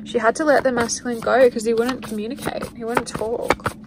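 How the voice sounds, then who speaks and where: A woman's voice: fairly high pitch, steady tone, fairly quick, very noisy. A woman giving a spiritual card reading, chatting loosely and voicing what the people in it might be thinking. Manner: chatty, speaks in quoted inner voices. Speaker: tarot card reader.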